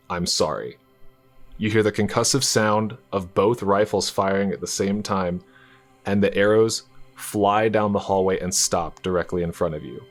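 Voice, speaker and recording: A man narrating a tabletop game as game master, in a calm, descriptive storytelling manner. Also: low-pitched.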